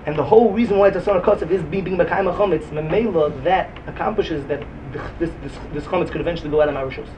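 In dull audio from a distant mic, with a faint hum of the room, a male yeshiva lecturer teaches Talmud. He talks fast and high, his animated speech carrying a melodic talmudic lilt.

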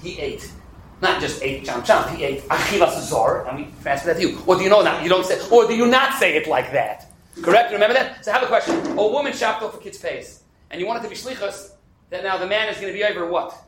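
A male teacher leads a Talmud class at a fast clip, animated and peppered with Hebrew and Yiddish terms. His voice sits high and bounces around a roomy classroom with a faint hum of background noise behind it. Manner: animated and quick, fields questions, drops in Hebrew and Yiddish terms. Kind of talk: interactive class lecture.

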